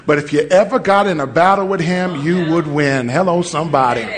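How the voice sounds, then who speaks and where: A pastor with a high voice preaches briskly, telling stories and calling on the congregation to answer back. His delivery climbs from conversational passages to shouted peaks. The church hall around him, full of a live congregation, gives his voice a long reverb.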